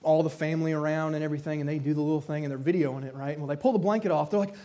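A man preaching a sermon, telling a story with animated delivery and acting out the voices of the people in it. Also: a little high, racing. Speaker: pastor.

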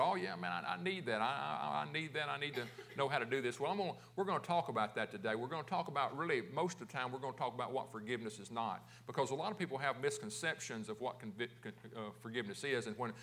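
A pastor with a mid-range, slightly bright voice preaches a conversational sermon. He often restarts words and poses questions to his congregation.

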